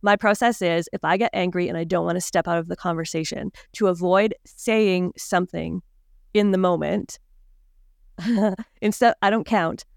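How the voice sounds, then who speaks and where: A woman's voice: lowish voice, steady tone, normal speed, creaky, clear, resonant tone, no echo, clean studio sound. A woman guest on a podcast, speaking confidently and emphatically, giving advice. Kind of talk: casual podcast conversation.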